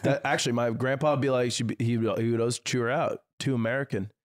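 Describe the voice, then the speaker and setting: A man's voice: mid-range voice, steady tone, fast. A man co-hosting a podcast, laid-back and wisecracking in casual chat. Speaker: podcast co-host.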